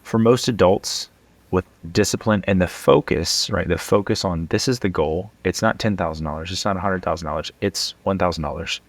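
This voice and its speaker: Brief: deep-voiced male coach, earnest and emphatic, dry close sound. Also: brisk, no room sound. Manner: earnest, emphatic, tag questions. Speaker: financial coach guest. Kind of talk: casual conversation.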